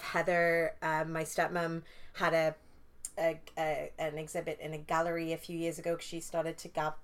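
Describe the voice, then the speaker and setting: A woman's voice: low voice, fairly bright tone. A young woman from northeast England, chatting casually as a podcast guest, with lots of fillers and restarts. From Newcastle upon Tyne, England. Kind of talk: casual chat.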